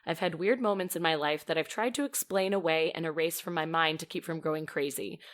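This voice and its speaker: A woman co-hosting a podcast in casual chat, chatty and expressive, laughing often as she reads a listener's email aloud. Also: low-pitched, a little fast. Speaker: podcast co-host.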